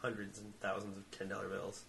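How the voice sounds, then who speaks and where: A man co-hosting a podcast, telling a story in casual, profane chat and acting out the quotes in high voices. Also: completely flat delivery, brisk, gravelly, a bit bright, a little hiss or hum.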